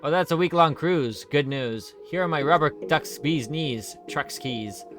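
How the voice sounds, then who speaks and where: A man's voice: a little high, measured pace, a bit bright, soft background music. Cheeky carnival man, as a man puts him on. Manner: speaks in rhyming slang, cheeky. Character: carnival man speaking rhyming slang.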